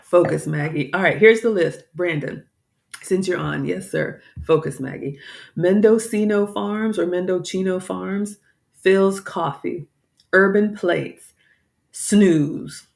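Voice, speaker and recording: A woman's voice: fairly low pitch, takes it slowly, vocal fry, a little mellow. A woman from the American South chatting casually to viewers, tired, apologetic and a bit scattered. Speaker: vlogger, home cook. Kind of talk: casual live-stream chat.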